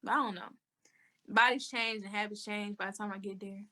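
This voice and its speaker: A woman's voice: mid-range voice, fairly even intonation, brisk, pushed and bright. A woman being interviewed, talking casually and bluntly, saying things straight out. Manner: blunt and outspoken. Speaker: interview guest.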